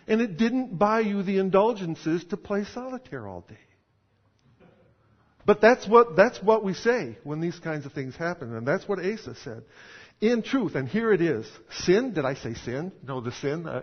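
A man's voice: on the high side, lively intonation, normal speed. A man preaching a sermon in a conversational, emphatic style with rhetorical questions. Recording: dull sound in a reverberant hall.

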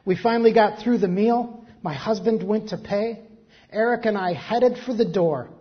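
A pastor preaching, reading a story slowly and then breaking into quick, joking asides. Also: mid-range voice. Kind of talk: sermon with a story read aloud. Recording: dull lo-fi recording.

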